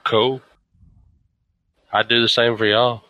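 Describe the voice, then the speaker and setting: Casual talker, male, bright forward tone, swears a lot, tells animated stories. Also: medium pitch, slow, dry recording, muffled recording. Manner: profane, rambling, animated storytelling. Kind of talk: casual chat.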